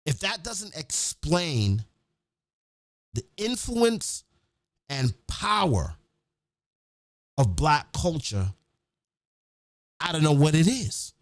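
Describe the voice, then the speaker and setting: A man hosting a podcast, telling stories in a casual, profane, animated way. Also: fairly high pitch, drawn-out words, pauses often, no room sound, clean studio sound. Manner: profane, animated, acts out quotes. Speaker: podcast host. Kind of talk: casual storytelling.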